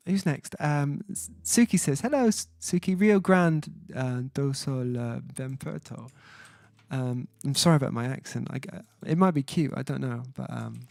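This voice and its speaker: A man's voice: on the high side, creaky, a little mellow, dry recording. Chatty man reading his stream chat. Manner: hesitant and chatty, many fillers, sounds out foreign words. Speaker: singer-songwriter hosting his livestream. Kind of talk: casual livestream chat reading out viewer comments. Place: at home, indoors.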